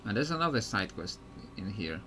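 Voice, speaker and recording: A man's voice: on the low side, big pitch swings, normal speed, pushed and bright, faint music behind. A man streaming a game, rambling through casual commentary and laughing often.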